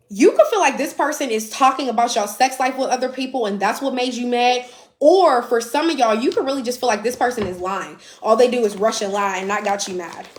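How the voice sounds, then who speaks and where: A woman's voice: on the high side, roomy sound. A woman giving a casual, blunt live tarot reading, chatty and swearing now and then. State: out of breath. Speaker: tarot reader.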